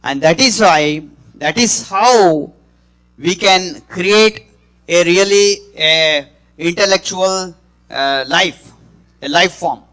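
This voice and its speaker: High-voiced man, halting. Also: bright, forceful tone, low-quality recording. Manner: halting, restarts phrases often. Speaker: speaker on spiritual healing. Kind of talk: spontaneous talk.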